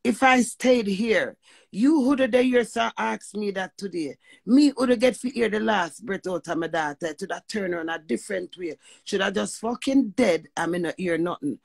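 A woman with a Jamaican accent speaks her testimony in a gravelly, husky voice. She preaches with emphasis, mixes patois with blunt swearing and keeps asking her listeners whether they hear her. The sound is dry and close. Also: medium pitch, normal speed, no room sound. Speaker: vlogger sharing personal testimony. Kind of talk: emotional spoken testimony.

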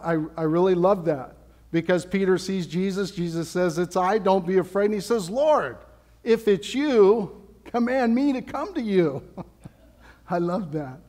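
Recorded with long hall reverb in a church sanctuary, a man with a fairly high pitch and dark tone preaches as pastor. His sermon feels casual and conversational, sprinkled with playful asides.

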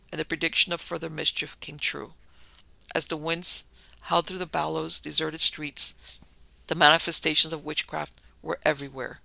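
A man narrating a classic horror story in a measured, dramatic storytelling manner. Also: a little high, creaky, pushed and bright, no echo, poor audio.

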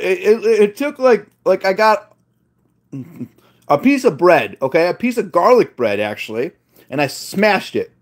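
Excitable high-voiced man vlogging a taste test. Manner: excitable, playful, exclamatory. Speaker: food vlogger. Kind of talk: casual taste-test commentary.

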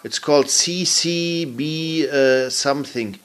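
A man's voice: a little high, slow. A middle-aged man whose first language is German, ranting furiously in English with a German accent, swearing and rambling as a frustrated business owner. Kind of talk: angry rant to camera.

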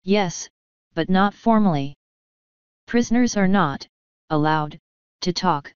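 A woman's voice: lowish voice, takes it slowly, clean tone, no echo. A woman voicing a naive, earnest male prisoner who speaks muffled through a stone wall, in a storybook reading.

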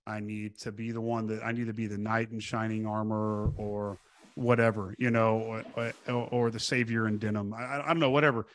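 A man's voice: lowish voice, a little fast, dry recording. A middle-aged man from Texas, a podcast guest telling casual stories, swearing freely, stumbling over restarts and acting out the people he quotes. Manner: profane, animated, acts out quoted voices with restarts. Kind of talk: casual conversational storytelling.

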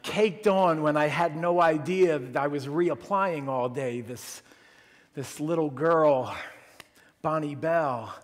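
A man preaching a sermon as pastor, telling a story in an animated way and acting out the quotes. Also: a little high, slow. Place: church sanctuary. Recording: long church reverb.

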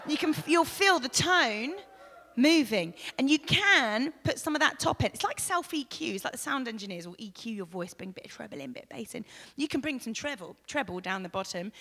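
A woman from England, teaching a live vocal masterclass, chatty and demonstrative, with loud sung demos and soft asides. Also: on the high side. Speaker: vocal coach. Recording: long hall reverb.

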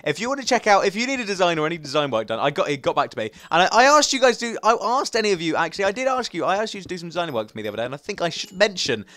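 Excitable young man gaming. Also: high voice, rapid-fire, hardly any pauses, no echo. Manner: rambling, restarts often, excitable outbursts. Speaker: gaming YouTuber. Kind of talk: casual let's play commentary.

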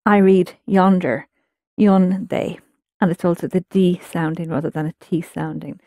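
A woman's voice: lowish voice, fairly even intonation, normal speed, dark tone, dry recording, studio quality. Patient woman teaching a language class. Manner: patient, explanatory, prompts students. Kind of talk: guided language lesson.

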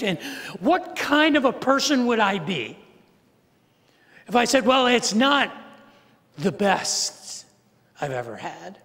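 Older male pastor, conversational storyteller, higher voice, long hall reverb. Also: a bit bright. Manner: conversational, self-deprecating, frequent restarts. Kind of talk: storytelling sermon. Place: large church sanctuary.

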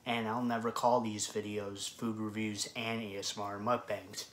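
A man's voice: on the low side, little pitch movement, normal speed. A man doing a casual eating vlog, talking bluntly and swearing freely as he complains. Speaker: food vlogger. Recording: echoey room with faint background noise.

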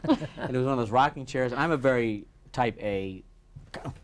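A comedian around fifty from New York, chatting as an interview guest and telling animated stories. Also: male voice, medium pitch. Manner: animated storyteller, slipping into quick voices. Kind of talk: casual interview chat.

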